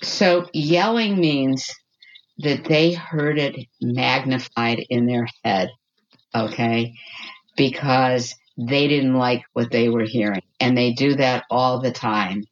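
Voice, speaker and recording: A woman with a notably low voice talks through parenting advice as a podcast guest. She sounds earnest and reassuring, often checking in with "okay?" The recording is slightly dull and lo-fi. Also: slow pace. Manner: earnest, reassuring, tags points with "okay?" and "you know what?". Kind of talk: advice-giving podcast conversation.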